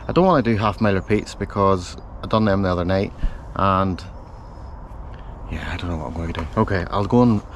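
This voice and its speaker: A man's voice: sits low, a little fast, slight background noise. A man vlogging outdoors before a run, rambling and correcting himself as he thinks aloud. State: out of breath while running. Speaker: running vlogger. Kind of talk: casual self-filmed vlog. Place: outdoors, in a park. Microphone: handheld camera mic.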